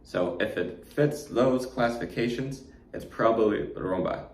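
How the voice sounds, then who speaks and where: A man giving an online guitar lesson, counting beats aloud slowly and demonstrating strums as he explains. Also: on the low side, far from the mic. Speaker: guitar instructor. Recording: echoey room with faint noise.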